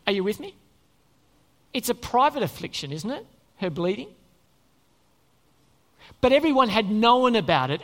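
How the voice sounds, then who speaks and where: Animated preacher in an echoing hall. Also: mid-range voice. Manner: conversational, asks the congregation questions. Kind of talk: sermon. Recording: long reverb in a church hall.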